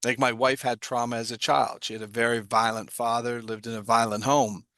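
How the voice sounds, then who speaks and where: A man's voice: medium pitch, flat delivery, brisk, bright, forceful tone, no room sound. A man giving an explanatory talk, asking himself rhetorical questions and answering them. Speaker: guest speaker on trauma. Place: online livestream.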